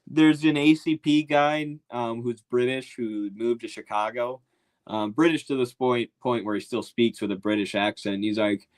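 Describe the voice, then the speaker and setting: Male commentator, casual and mocking, mid-pitched. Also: normal speed, poor audio. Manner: loose, slangy and mocking. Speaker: political commentator.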